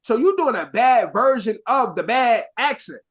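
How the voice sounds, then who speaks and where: A man's voice: very high-pitched, normal speed, husky. Slangy rambling man on a podcast. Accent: Chicago with New York slang. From Chicago. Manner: animated, swearing, rambling with slang. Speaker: podcast co-host. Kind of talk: casual chat.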